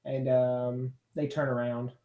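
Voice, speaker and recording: A man's voice: mid-range voice, flat delivery, slow, reverberant, narrow, tinny audio. A man running a tabletop game as game master, narrating in a rambling way, full of fillers.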